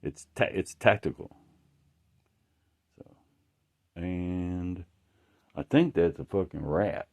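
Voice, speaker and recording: Guy with a lowish voice rambling about his art, swears a lot, keeps starting over. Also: expressive, darkish tone. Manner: profane, rambling, halting restarts. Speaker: artist showing his work. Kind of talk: rambling casual monologue.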